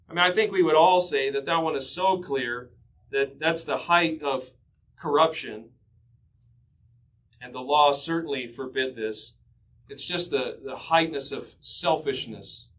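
Male pastor, higher voice, earnest and emphatic sermon delivery. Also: pushed and bright, low-quality recording. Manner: earnest, emphatic teaching with scripture quotes.

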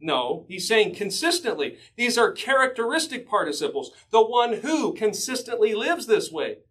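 A man's voice: sits high, big pitch swings, normal speed, fairly bright tone, rough recording. A man preaching a sermon, earnestly teaching from scripture and stressing his points with repetition. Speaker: pastor.

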